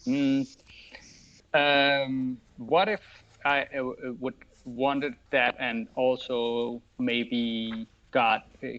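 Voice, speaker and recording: A man playing a tabletop game, talking in a halting, tentative way with many fillers. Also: medium pitch, fairly bright tone, highs cut off. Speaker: player.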